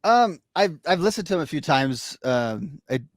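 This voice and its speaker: A man's voice: a little high, sing-song, normal speed, dry recording, studio quality. A man co-hosting a casual podcast chat, giving laid-back, short replies. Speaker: podcast co-host.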